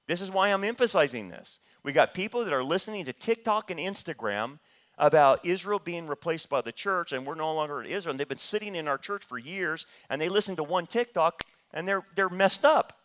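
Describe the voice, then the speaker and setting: A man's voice: on the high side, fairly bright tone. A man teaching a church Bible study, emphatic and repetitive, rising into heated outbursts. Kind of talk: sermon-style teaching.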